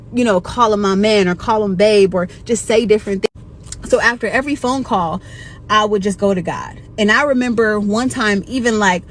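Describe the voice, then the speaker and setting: Earnest woman, heartfelt testimony, faint room noise. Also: medium pitch. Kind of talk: faith-based personal story.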